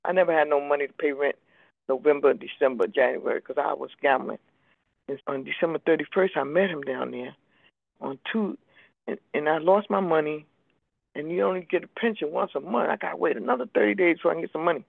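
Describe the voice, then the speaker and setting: A woman's voice: deep voice, fairly quick, creaky, no room sound. An older woman telling her recovery story as personal testimony, emphatic and acting out the people she quotes. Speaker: speaker sharing a recovery story. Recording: tinny phone-like radio recording.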